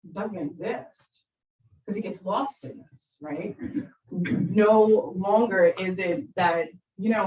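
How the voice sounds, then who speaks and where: Speaking slowly in a mid-range voice, a middle-aged woman tells parenting stories to an audience. She's animated, acting out the voices she quotes, and the sound is roomy, picked up far from the mic.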